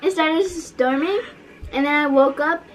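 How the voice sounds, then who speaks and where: A young woman casually recalling childhood stories with her older sister, giggly and soft-spoken. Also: high-pitched, unhurried, recorded from a distance, a little hiss or hum, low-quality recording. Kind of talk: casual storytelling chat.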